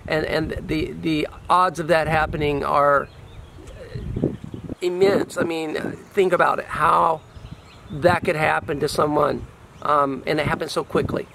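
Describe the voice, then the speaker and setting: A man in a casual outdoor chat speaking earnestly, in halting phrases with frequent restarts. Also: on the high side, flat delivery, vocal fry, noisy background. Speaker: guest, healthcare business owner. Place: outdoors by a road.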